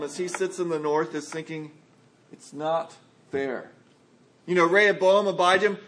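A man's voice: high-pitched, fairly bright tone. A man preaching a sermon earnestly, acting out quotes from scripture. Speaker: pastor.

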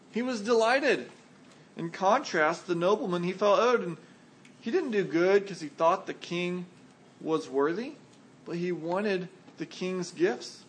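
A man preaching a sermon earnestly, acting out the voices of imagined people in his stories. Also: high voice. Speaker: pastor.

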